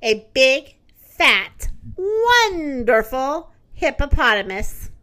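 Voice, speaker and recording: A woman reading a children's story aloud in a gentle, expressive manner. Her voice is high and bright. She takes her time, with lots of melody in each line. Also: very slow.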